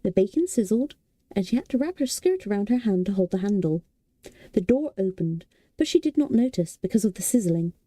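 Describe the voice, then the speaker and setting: A woman reading a novel aloud as a soothing bedtime read-aloud, softly and slowly. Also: mid-range voice, sing-song, no room sound. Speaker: audiobook reader.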